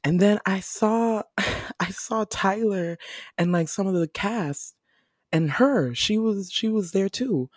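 A woman chatting casually on a podcast, an animated storyteller who acts out her own reactions. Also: mid-range voice, slow pace, no echo, studio quality. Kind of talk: casual chat.

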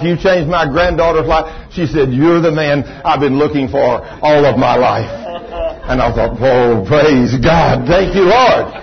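Male pastor, folksy and animated storyteller, slightly high voice, muffled recording. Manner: animated, laughing storyteller with folksy Southern phrasing. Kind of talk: sermon storytelling.

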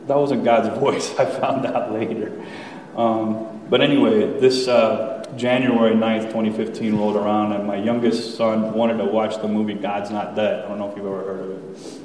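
A man in his thirties shares his personal testimony with a congregation in a candid, conversational way, slipping in fillers and quiet laughs. His voice sits low and reaches the mic from a distance. The church hall around him rings with a long, roomy reverb. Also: flat delivery, normal speed. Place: church sanctuary. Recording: echoey hall, voice from far off.

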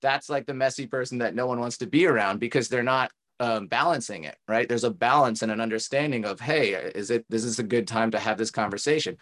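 A man's voice: mid-range voice, brisk, hardly any pauses, a bit bright. A man, a tantra coach and podcast guest, speaking earnestly and encouragingly in reflective, run-on thoughts in a casual conversation.

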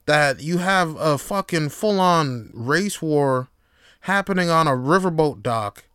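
A man hosting a solo podcast, talking in a casual, profane, rambling way that swings between quiet reflection and animated storytelling. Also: fairly high pitch, clean tone, no room sound, clean studio sound. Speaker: podcast host.

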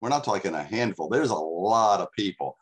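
A man's voice: sits low, expressive, normal speed, breathy edge. A man preaching a sermon to a congregation, speaking in a casual, conversational way with frequent fillers. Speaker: pastor.

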